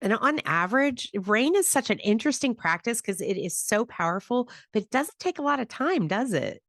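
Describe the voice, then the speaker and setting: A woman hosting a podcast, calmly explaining a mindfulness practice with personal stories. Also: on the high side, moderate pace, no echo, studio quality. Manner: calm, reflective, explanatory. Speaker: podcast host and grief teacher. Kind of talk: conversational podcast teaching.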